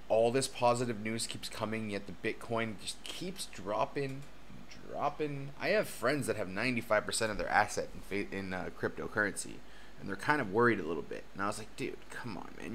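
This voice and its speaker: A man hosting a casual livestream as a cryptocurrency educator, excitable and chatty, laughing often and swearing casually. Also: fairly low pitch, normal speed, a little hiss or hum. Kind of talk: casual live-stream chat. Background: faint background music.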